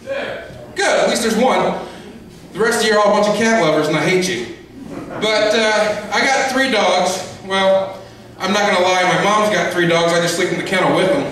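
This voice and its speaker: A man's voice: sits high, normal speed, a bit bright. A man doing a stand-up comedy set on a club stage, ranting grumpily and crudely. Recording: echoey club from far off.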